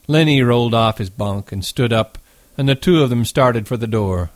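A man narrating a novel as an audiobook in a steady, measured reading. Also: mid-range voice, dry recording.

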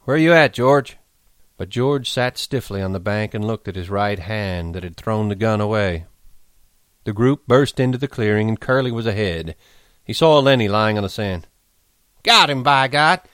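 Low-voiced guy reading an audiobook, calm and even, very dry close sound. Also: clear, resonant tone, dry recording. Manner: measured, even storytelling. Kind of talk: audiobook narration.

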